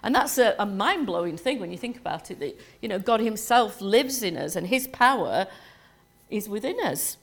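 A woman pastor giving a sermon to her church in a relaxed, conversational way, full of "you know" and "um". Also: medium pitch, normal speed, creaky.

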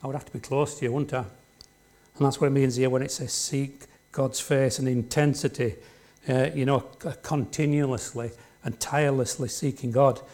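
A man preaches a sermon from the front of a church in a plain, conversational way, his medium-pitched voice fairly even, moderately paced and darkish. He keeps the congregation involved by repeatedly asking "isn't it?" and "don't we?"

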